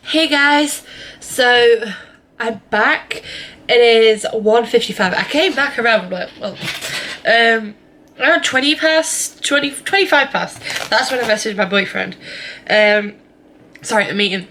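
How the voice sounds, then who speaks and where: A young woman talks straight to the camera in a loose, chatty vlog. Her voice is bright and clear, and she rambles along with plenty of ums and self-corrections. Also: on the high side, measured pace, a little hiss or hum. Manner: rambling, chatty, many fillers and restarts. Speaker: vlogger. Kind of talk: casual vlog chat.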